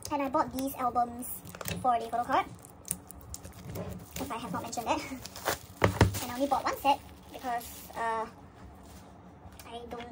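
A woman vlogger chatting casually through an unboxing and breaking into excited high squeals. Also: background noise.

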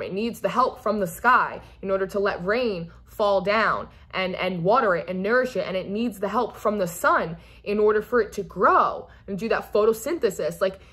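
A young woman giving a tarot reading in a chatty, rambling manner, full of "like" and repeated phrases. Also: mid-range voice. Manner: chatty, rambling, animated with frequent "like". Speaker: tarot reader. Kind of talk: casual tarot reading monologue.

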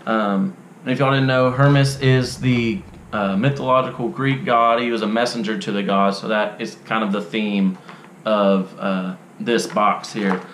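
A man's voice: lowish voice, measured pace, a little hiss or hum. Man, young adult, casual unboxing review, drawling, filler words, echoey room. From Texas. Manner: relaxed, drawling, frequent ums and uhs. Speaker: unboxing vlogger. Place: dim indoor room.

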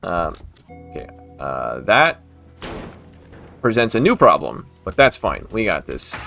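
A man's voice: sits low, big pitch swings, slow pace, gravelly, long pauses, sharp tone, soft background music. A man casually commentating his own gameplay, talking to the game and breaking into exasperated outbursts. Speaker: gaming video host.

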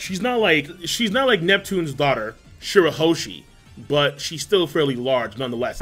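A young man hosts a live manga reaction, reading the story aloud and cracking crude jokes. His voice is bright, sits a bit high for a man, and leaps all over the place. Faint music plays beneath him. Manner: loud swinging exclamations, crude joking.

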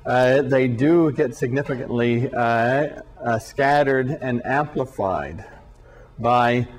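Halting, deliberate male physics lecturer. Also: mid-range voice. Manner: deliberate, halting delivery with frequent repeated words; dry sarcastic asides.

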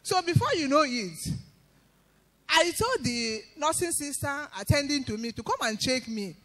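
A woman giving an emphatic spoken testimony in church, breaking into loud praise. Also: high-pitched, sing-song, normal speed.

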